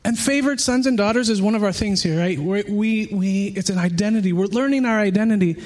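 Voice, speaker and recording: A man's voice: sits high, fairly quick, darkish tone. A man in his thirties preaching a sermon, earnest and emotional, mixing personal testimony with scripture in a conversational way. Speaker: pastor.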